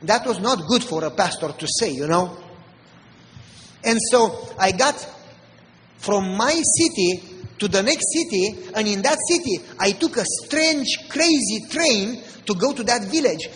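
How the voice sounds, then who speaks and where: A man with a Romanian accent, a pastor preaching an animated storytelling sermon with mimicked voices. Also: sits high, a little slow, in a large hall, slight background noise, rough recording.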